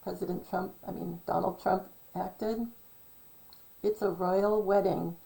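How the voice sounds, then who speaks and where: Slow, gravelly-voiced woman rambling to camera. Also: on the low side, steady tone, warm tone, rough recording. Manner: hesitant, full of ums and self-corrections. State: losing her voice, clearing throat. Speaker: channel host. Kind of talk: rambling casual monologue.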